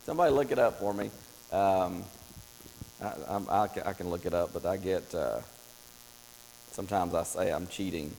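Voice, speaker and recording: A man preaching a Bible study in a church, telling the story with lively acted-out voices. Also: low-pitched, normal speed, creaky, pauses often. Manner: animated storytelling, acts out voices of Bible figures. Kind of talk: Bible class teaching. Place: church classroom. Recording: long hall reverb with faint mains hum.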